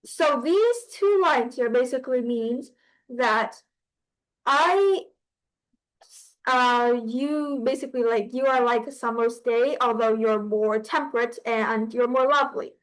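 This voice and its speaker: A woman teaches poetry to a class in a high, light voice. She talks slowly and haltingly, pausing often and restarting her sentences as she works through an explanation. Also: rough recording. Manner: hesitant, with frequent pauses and restarts.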